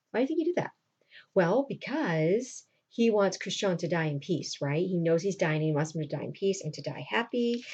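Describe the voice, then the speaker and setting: A woman's voice: medium pitch, a little mellow, husky. A woman teacher retelling a play to her class in a casual, chatty way, checking in with questions for the students.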